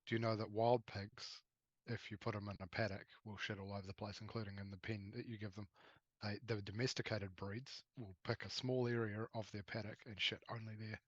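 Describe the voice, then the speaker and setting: A man's voice: fairly low pitch, level tone, fairly quick, husky, no echo, highs cut off. A man playing a tabletop game, talking in a dry, matter-of-fact, lecturing way. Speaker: player. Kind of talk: casual chat during a tabletop game.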